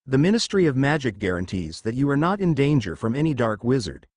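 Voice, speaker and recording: A man's voice: medium pitch, very animated, a little fast, darkish tone, no echo, clean studio sound. A man voicing a sugary, smug woman teacher in a read-aloud story, falsely friendly. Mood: sugary stern.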